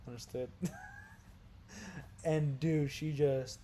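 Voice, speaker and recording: A young man casually telling crude stories on a podcast, sliding from low mumbles into loud, animated outbursts. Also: slow pace, very noisy. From Brazil. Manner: animated, gets loud and laughing when telling wild stories. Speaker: podcast co-host. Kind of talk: casual storytelling chat.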